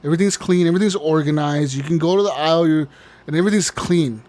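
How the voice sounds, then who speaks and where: A man with a high-pitched voice co-hosts a casual podcast, ranting animatedly and swearing freely. He laughs often and talks loosely. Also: fast, a little mellow. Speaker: podcast co-host.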